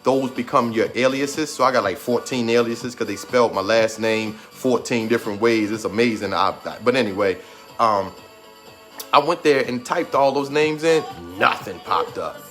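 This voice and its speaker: A man's voice: mid-range voice, normal speed, fairly bright tone. Man, thirties, motivational talk, fervent and emphatic, near tears, music behind. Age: 30s. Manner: trying to hold back tears. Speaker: motivational speaker.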